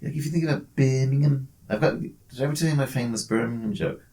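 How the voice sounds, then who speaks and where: A man's voice: mid-range voice, quick pace, dark tone. A man co-hosting a casual podcast, joking and bantering, calling listeners lads and mate. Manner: jokey, banter-heavy, says mate and lads. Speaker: podcast co-host. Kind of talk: casual chat.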